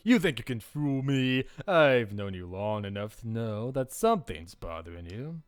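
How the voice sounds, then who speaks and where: A man voicing a calm, proud young woman knight in a game, speaking steadily and reassuringly. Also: mid-range voice, normal speed, clear, resonant tone, soft background music, natural voice.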